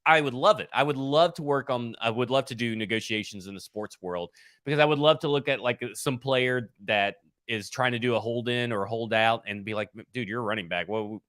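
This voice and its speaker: A man co-hosting a casual sports talk show, brisk and matter-of-fact as he explains numbers. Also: mid-range voice, fairly bright tone, clean tone, dry recording, clean studio sound. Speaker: podcast co-host and analyst.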